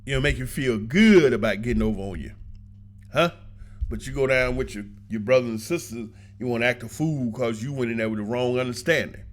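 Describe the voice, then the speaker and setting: Animated man telling travel stories. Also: mid-range voice, fairly quick. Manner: animated, colloquial, laughs often, preachy asides. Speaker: vlogger giving travel advice. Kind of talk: casual storytelling monologue.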